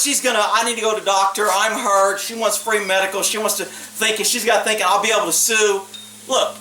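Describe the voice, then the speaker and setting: Brief: bright-voiced man, a cop telling a war story, bluntly, from a bit away in a roomy space. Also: very high voice. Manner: blunt, profane, laughs through the story. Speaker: police officer telling a story. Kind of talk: casual storytelling. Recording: roomy distant mic, faint hiss.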